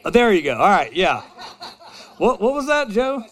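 Guy in his 30s preaching, kinda high voice, loose and jokey with the crowd. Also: sing-song, moderate pace, fairly bright tone. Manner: casual, self-deprecating and conversational with the congregation. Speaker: pastor. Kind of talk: sermon. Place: church hall with a live congregation.

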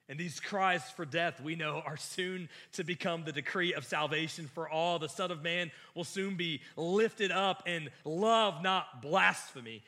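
In this sermon, the male preacher's voice sits fairly high and sounds bright and forward. He speaks earnestly and with emphasis, often breaking off mid-thought to start a phrase over.

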